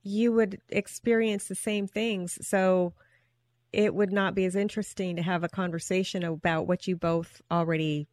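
A woman's voice: mid-range voice, fairly even intonation, normal speed, darkish tone, no echo. Affirming woman interviewer. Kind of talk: casual interview.

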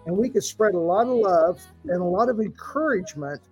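A middle-aged man co-hosting a podcast, telling family stories in a halting, emotional way with many fillers. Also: sits high, breathy edge, soft background music, low-quality recording. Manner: warm storyteller, halting with fillers, tearful at times. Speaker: podcast co-host. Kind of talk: heartfelt podcast tribute.

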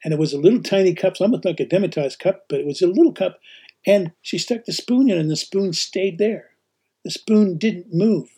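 Man, podcast host, husky voice, somewhat high, animated storyteller, laughs a lot. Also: moderate pace. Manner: animated, laughs often while telling stories. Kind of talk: casual storytelling.

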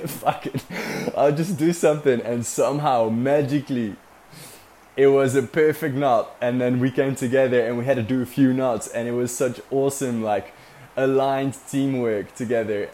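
A man's voice: mid-range voice, mellow, slight background noise. Rambling young man telling a story. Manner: rambling, lots of fillers, swearing, laughs while telling. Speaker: vlogger recounting a sailing trip. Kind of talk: casual storytelling.

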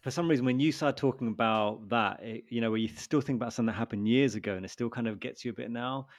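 Easygoing host in his thirties, mid-pitched voice, acts out quotes. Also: fast. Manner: relaxed storyteller, acts out quoted lines. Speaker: podcast host. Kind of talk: casual chat.

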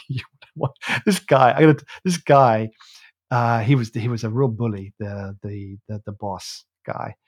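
The podcast host, a man with a husky mid-range voice, takes his time on a dry, clean studio recording. On his coffee show he drifts through a long story in a casual, rambling way, frequently starting over and laughing along.

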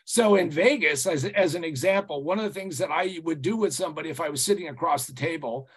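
Husky, rambling male podcast guest. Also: a little high, fast talker. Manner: rambling, animated, frequent "you know" and restarts, swears casually. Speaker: business consultant guest. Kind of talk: podcast interview storytelling.

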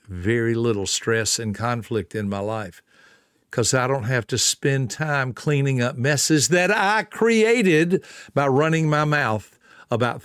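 A man's voice: smooth, no echo. Folksy man, dry close sound. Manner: storytelling, repeats words for emphasis, drops to soft low tones. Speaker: speaker on a self-help talk. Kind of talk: folksy motivational talk.

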